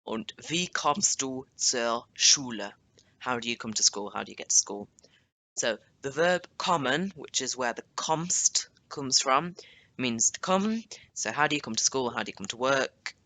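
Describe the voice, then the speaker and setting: A young man teaches a language over screen share, speaking at normal speed in an expressive, medium-pitched voice with a sharp tone. He keeps it chatty and casual, explaining with asides and self-corrections.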